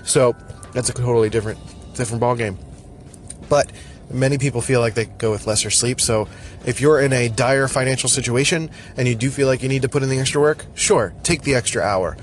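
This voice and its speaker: A man's voice: mid-range voice, a little fast, slight background noise. A man hosting a casual podcast, talking while he drives, in a scattered, joking, self-deprecating way. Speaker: podcast host. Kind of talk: casual rambling monologue. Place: in a car in traffic.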